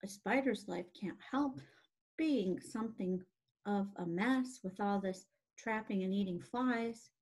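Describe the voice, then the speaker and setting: A woman voicing a wise, gentle female spider in a storybook, speaking in a calm, measured way. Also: mid-range voice, slightly rough. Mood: tender.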